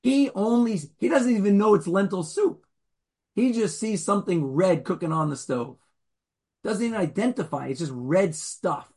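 A man giving a Torah lecture in a conversational, animated way, joking with his listeners and acting out the people in the story. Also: normal speed, breathy edge. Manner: animated, acts out the figures with sudden jumps in pitch and loudness; conversational, jokes with the audience.

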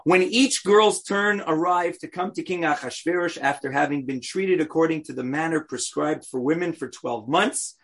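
A man teaching a scripture class, chatty and animated, joking in asides and chanting verses aloud. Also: on the high side.

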